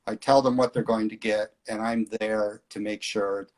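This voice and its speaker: A man's voice: lowish voice, normal speed. A middle-aged man organizing flying tours, chatting casually in an interview with many fillers. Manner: relaxed storyteller, hesitant fillers.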